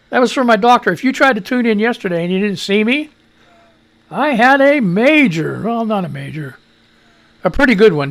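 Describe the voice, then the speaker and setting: A wheezing man with a high, gravelly voice hosts a live radio news show. His pitch swings widely as he rambles through exasperated, sarcastic commentary. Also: fairly bright tone. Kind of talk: casual political commentary.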